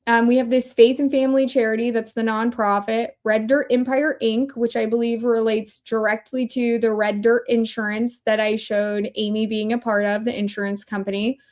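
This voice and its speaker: A woman's voice: fairly high pitch, flat delivery, normal speed, few pauses, darkish tone. A woman hosting a casual commentary livestream, who talks in a chatty, rambling way and often interrupts herself. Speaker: livestream host.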